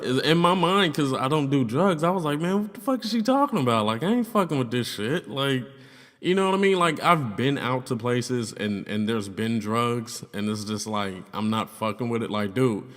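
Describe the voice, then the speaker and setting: A man's voice: medium pitch, fairly bright tone. A young man casually telling a personal story, loose and profane, with lots of fillers. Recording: long reverb, hollow room sound.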